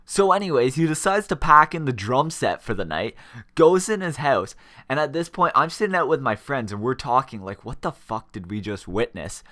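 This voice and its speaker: A man's voice: a little high, normal speed. A young man hosting a gaming channel, telling a story casually with plenty of swearing and laughter. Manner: animated, swears freely, laughs while telling.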